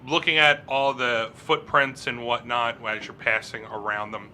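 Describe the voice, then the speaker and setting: A man running a tabletop game as game master, his voice very bright and clear. He narrates scenes slowly and loosely, stopping often on fillers. A faint hiss sits under his voice. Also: medium pitch. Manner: relaxed, halting narration with many fillers.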